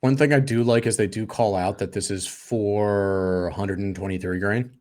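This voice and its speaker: A man's voice: fairly low pitch, steady tone, normal speed, a little mellow. A man co-hosting a live podcast in an easygoing, casual way, often laughing. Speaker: podcast co-host.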